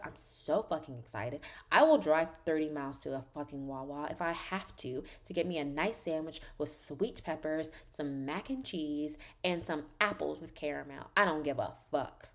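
This podcast host recaps a reality show in loose, lively banter, swearing without restraint and filling her speech with "like." She has a low-pitched voice.

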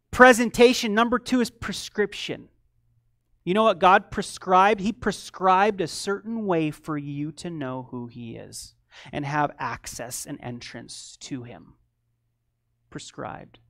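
A man preaching a sermon, swinging between loud animated storytelling and quiet, earnest teaching. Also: on the high side, unhurried, dry recording, clean studio sound. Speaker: pastor.

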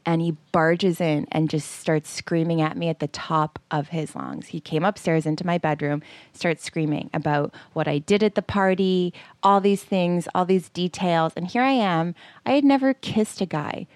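A woman's voice: fairly low pitch, normal speed, hardly any pauses, no echo. A woman in her forties co-hosting a podcast, telling a personal story casually and acting out quotes with lots of fillers. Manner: animated, acts out quotes, frequent fillers. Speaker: podcast co-host.

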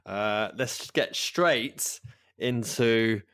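A man's voice: fairly low pitch, very slow, fairly bright tone, smooth, dry recording, studio quality. A man with a London accent hosting a podcast, telling a rambling story in a laid-back, sweary way. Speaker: podcast host. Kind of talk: casual chat.

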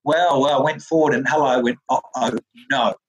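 Kiwi bloke telling stories, bit high voice, laughs a lot, does the voices. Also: male voice, a little fast, poor audio. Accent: New Zealand. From New Zealand. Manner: lively, laughs often, acts out quoted voices. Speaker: interview guest, former cricketer. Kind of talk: animated storytelling.

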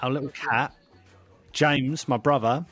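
Animated man telling a story. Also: medium pitch, a little slow, slightly rough. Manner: animated, acts out quoted voices. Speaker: podcast co-host. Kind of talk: casual storytelling chat.

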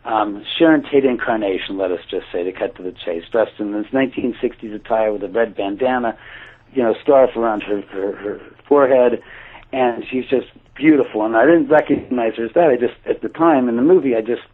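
A man casually telling a personal story, acting out his own quoted thoughts with lively shifts. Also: medium pitch, a little fast. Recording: tinny phone-like line.

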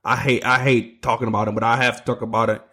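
A man's voice: medium pitch, level tone, fast talker, bright, forceful tone. A man hosting his own sports podcast, ranting heatedly, swearing and stumbling over his words. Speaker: podcast host. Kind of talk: solo sports podcast rant.

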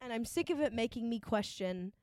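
A woman co-hosting a podcast in casual chat, animated and emphatic, laughing often. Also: a little high, fairly quick. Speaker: podcast co-host.

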